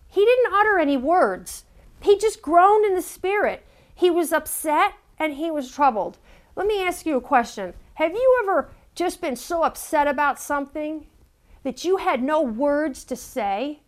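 A woman's voice: high-pitched, expressive, moderate pace. A woman preaching a sermon in an earnest way, often repeating words as she searches for them and asking her listeners direct questions.

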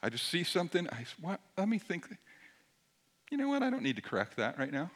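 A middle-aged man preaching a sermon in a conversational way, dropping at times to a hushed near-whisper. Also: fairly high pitch, wildly swooping pitch, a little fast. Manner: conversational, shifts between loud emphasis and hushed near-whisper. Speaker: pastor.

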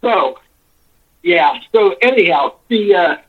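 A man's voice: high-pitched, very animated, takes it slowly, gravelly, breathy edge. A man calling in by phone, telling a long, rambling complaint story, exasperated and swearing freely. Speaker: caller. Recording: tinny phone line.

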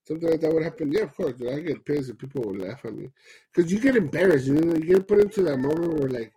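A man's voice: a little high, lively intonation, quick pace, dark tone, breathy edge, poor audio. A young man co-hosting a podcast, chatting bluntly, swearing freely, and mixing in Spanish slang. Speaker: podcast co-host. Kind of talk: casual chat.

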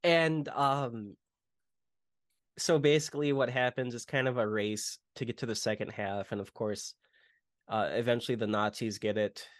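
A podcast host casually retells film scenes in a movie chat, rambling with lots of fillers. His mid-range voice is steady and moderately paced, recorded with clean studio sound and no room sound.

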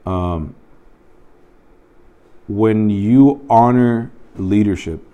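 Low-voiced youth pastor telling stories. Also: male voice, drawn-out words, dull audio. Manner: conversational storytelling with direct questions. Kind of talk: informal teaching to a small group. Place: room around a table.

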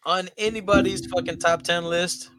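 Excitable guy on a podcast, kinda high voice, bright and dry, cusses a lot. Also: normal speed. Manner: excitable, swears freely. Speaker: podcast co-host. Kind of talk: casual chat.

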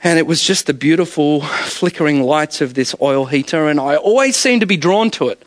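A man delivers an evening sermon, chatty and full of stories, laughing often. His voice sits high for a man. The sound is dry and close. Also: animated, moderate pace, no echo. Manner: storytelling, conversational, laughs often. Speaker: preacher.

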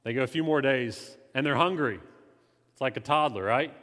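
Man, lay preacher, animated, conversational, reverberant church hall. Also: mid-range voice, normal speed. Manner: animated, conversational, swings between loud emphasis and quiet confession. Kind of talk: church teaching. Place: church sanctuary.

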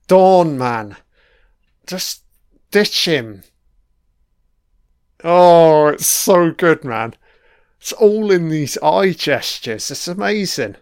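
A man's voice: a little high, lively intonation, drawn-out words, pauses often, darkish tone, clean tone, dry recording, clean studio sound. A man giving crude, profane live reaction commentary while watching an episode. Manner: crude, profane running remarks.

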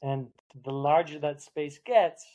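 Reflective man with a higher voice. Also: takes it slowly, warm tone, rough recording. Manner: earnest, reflective, thinks aloud with short asides. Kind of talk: podcast conversation.

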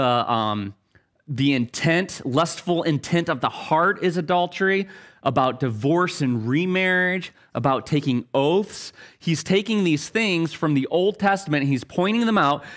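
A man's voice: fairly high pitch, fairly bright tone. A man preaching a sermon as a pastor in a church sanctuary, in an earnest, conversational way with frequent restarts and fillers.

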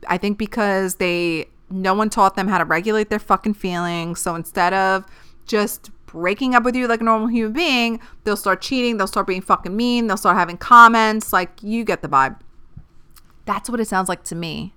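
A woman in her thirties hosting a podcast, giving dating advice in a blunt, profane, animated way. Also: mid-range voice, normal speed, clean tone. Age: 30s. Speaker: podcast host. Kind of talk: casual podcast monologue.

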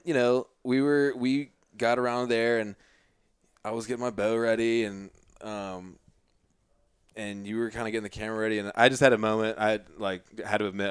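A man recounting a hunt on a podcast in a relaxed, easygoing way, with many fillers. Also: on the low side, smooth, no echo, clean studio sound. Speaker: podcast guest and fellow host. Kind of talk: casual podcast chat.

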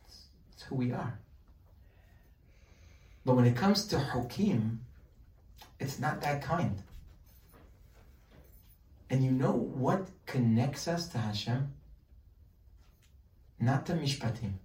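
A man's voice: mid-range voice, slow pace, pauses often. A man leads a Torah class as a rabbi, acting out both sides of imagined conversations with rising energy. His voice carries a roomy echo and sounds set back from the microphone. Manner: animated, acts out questions and answers in dialogue. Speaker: rabbi teaching a weekly class. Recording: roomy sound, mic at a distance.

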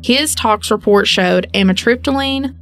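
A woman's voice: on the high side, unhurried. Woman telling a true-crime story casually. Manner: reads case details, then jokes and acts out people with playful asides. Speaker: podcast co-host.

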